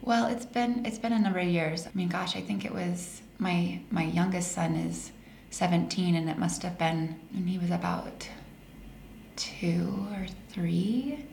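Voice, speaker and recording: A woman in her forties from Colorado, telling personal stories as a podcast guest in an animated way that laughs through the telling. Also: lowish voice, unhurried, gravelly. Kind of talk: casual storytelling interview. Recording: roomy echo, faint hiss.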